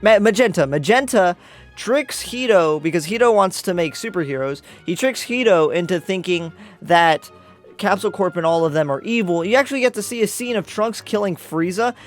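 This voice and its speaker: A man's voice: high voice, lively intonation, moderate pace, faint music behind. A man giving a casual spoken movie review as a YouTube reviewer, rambling and correcting himself with lots of fillers.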